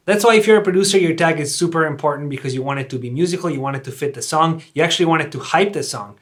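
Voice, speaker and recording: A man's voice: on the high side, racing, hardly any pauses. A young man hosting a casual music-production tutorial, chatty and upbeat, with lots of "like" and "kinda".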